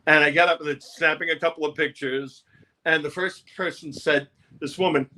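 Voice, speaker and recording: A man from New York, an interview guest telling lively, profane stories and acting out the people in them. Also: on the high side, normal speed. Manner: animated, profane, acts out voices. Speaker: interview guest, music producer. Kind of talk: casual storytelling interview.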